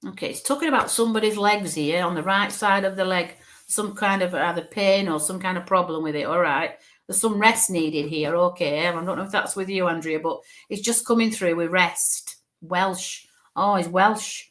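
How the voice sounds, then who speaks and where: A woman working as a spirit medium speaks at normal speed in a fairly low, slightly bright voice during a live reading for viewers. She voices her thoughts as she relays what she senses, reassuring and chatty, with many an "okay" and "bless you."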